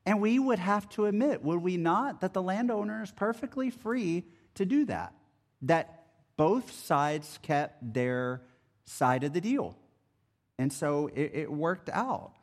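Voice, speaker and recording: A pastor with a high-sitting voice takes his time, preaching slowly as he explains scripture one verse at a time. He stays animated and conversational throughout.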